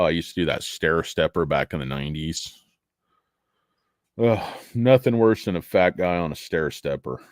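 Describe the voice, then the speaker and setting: Guy with a lowish voice riffing sarcastically on a stock livestream, dry close sound. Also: no echo. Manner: rambling, joking, sarcastic. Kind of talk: casual livestream chat. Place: home office.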